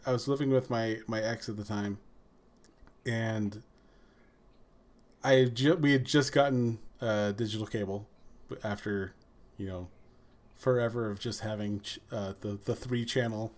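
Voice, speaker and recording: A man telling a story in casual podcast chat, animated and often laughing. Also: on the low side, unhurried. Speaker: podcast host.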